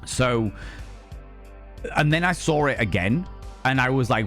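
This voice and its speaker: A man's voice: mid-range voice, expressive, unhurried, pauses often, a bit bright, soft background music. Sweary middle-aged man ranting. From United Kingdom. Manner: heated, sweary, rambling with restarts. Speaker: livestreamer. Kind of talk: casual live-stream rant to chat.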